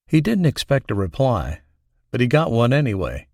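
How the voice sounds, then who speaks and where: A man reading an audiobook as scripted narration, in a steady, even storytelling manner. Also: mid-range voice, moderate pace, dry recording, clean studio sound.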